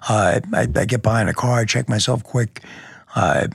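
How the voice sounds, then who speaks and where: A man's voice: fairly low pitch, normal speed, creaky, slightly rough, dry recording, studio quality. A police lieutenant telling his story step by step in a podcast interview, vivid and blunt, with sound effects and the odd curse.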